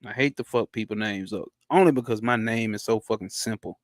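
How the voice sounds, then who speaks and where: A man's voice: on the low side, dry recording, studio quality. Man reading and riffing on a livestream. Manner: reads in halting stops, then riffs in loose, profane slang asides. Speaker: livestream host. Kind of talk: reading a text aloud with casual commentary. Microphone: home streaming setup.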